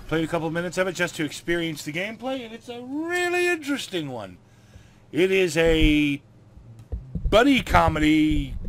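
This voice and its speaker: A man hosting a let's play, with a playful, theatrical delivery. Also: a little high. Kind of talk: gameplay commentary.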